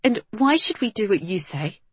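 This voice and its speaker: A woman's voice: mid-range voice, animated, a little fast, husky, no room sound, voice pushed up. A woman voicing a sensible young woman fighter who speaks in a clipped, matter-of-fact way. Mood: biting.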